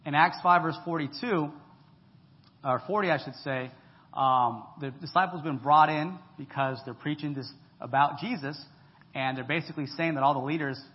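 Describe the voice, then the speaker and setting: Guy pastor preaching casual and funny, kinda high voice, echoey church hall, dull sound. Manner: lively, joking, talks straight to the congregation. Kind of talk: conversational sermon.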